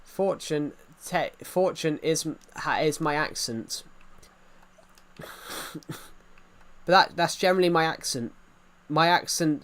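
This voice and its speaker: A man's voice: a little high, takes it slowly, long pauses, fairly bright tone. A young man chatting casually while livestreaming a game, rambling and poking fun at himself. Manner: rambling, self-mocking, easily sidetracked. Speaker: gaming livestreamer.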